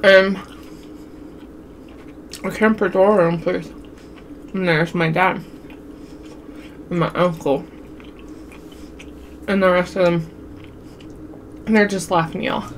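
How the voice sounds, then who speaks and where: A woman's voice: lowish voice, fairly even intonation, takes it slowly, long pauses, slight background noise. Chatty woman telling a camping story. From Wyoming. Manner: chatty, addresses viewers as y'all, laughs often. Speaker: mukbang vlogger. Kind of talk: casual storytelling to viewers.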